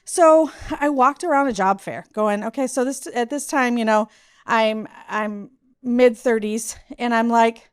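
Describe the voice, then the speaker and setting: A woman's voice: a little high, a little slow, smooth. A woman in her forties giving a chatty, self-deprecating conference talk about her career. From Southern US. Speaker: conference speaker.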